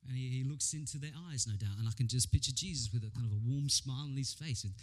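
A man preaching a sermon as pastor, telling Bible stories with animated energy and frequent stammered repeats. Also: medium pitch, fast.

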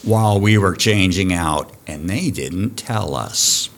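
Low-voiced, animated veteran diver. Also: male voice, takes it slowly. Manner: animated, profane storyteller who acts out shouting. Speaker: dive program director, guest. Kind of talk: storytelling on a podcast.

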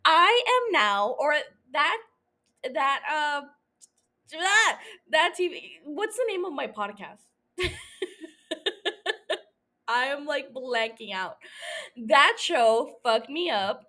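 A woman's voice: high-pitched, sing-song, takes it slowly, pauses often, bright, forceful tone. A young woman hosting her own podcast, chatting casually in a rambling, self-mocking way, swearing often and laughing. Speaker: podcast host. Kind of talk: casual solo podcast chat.

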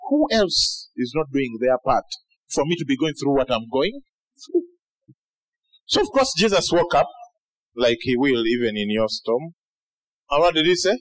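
A man preaching to a big congregation, his high voice swooping widely as he builds to shouted peaks. He acts out quotes and questions in a lively, dramatic way. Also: low-quality recording. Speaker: pastor. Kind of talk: sermon.

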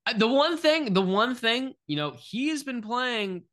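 A man's voice: extremely high pitch, expressive, measured pace, a bit bright. A young man co-hosting a sports podcast, talking casually, nervous and stammering, often repeating himself. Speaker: podcast co-host.

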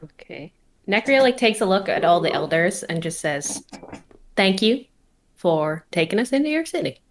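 A woman playing a character in a tabletop role-playing game, arguing politely and in a measured way. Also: mid-range voice, big pitch swings, a little hiss or hum. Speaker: player.

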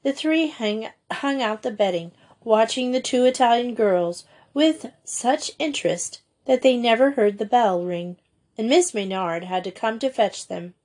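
A woman narrating a children's school story in a measured, even reading voice. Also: on the high side. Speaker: audiobook reader.

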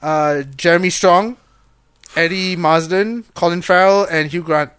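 This podcast co-host rattles on in casual chat, laughing often and swearing freely. The voice has a mid pitch and sounds close and dry, with no room around it. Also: steady tone, moderate pace, a bit bright, clear, resonant tone, no room sound.

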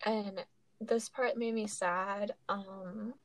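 A woman's voice: medium pitch, fairly even intonation, extremely slow. A young woman co-hosting a casual podcast, hesitant with many ums. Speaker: podcast co-host.

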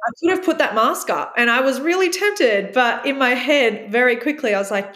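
High-voiced woman telling a story in an echoey room. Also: expressive, moderate pace, few pauses. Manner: reflective, acts out her own past lines in a bright voice. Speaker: guest. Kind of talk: candid personal storytelling.

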